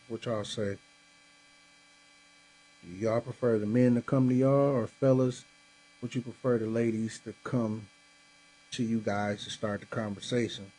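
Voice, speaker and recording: A tired, yawning man hosts a casual live-stream podcast from a home room with a Christmas tree, sounding laid-back as he talks straight to viewers and says "y'all" after a long day. His voice is lowish, dark, and slightly rough, and the recording is rough too.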